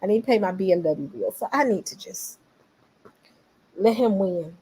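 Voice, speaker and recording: A woman giving casual political commentary, animated and talking straight to her viewers. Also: mid-range voice, moderate pace, slightly rough, low-quality recording. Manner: animated, talks back to viewers, quotes others in voices.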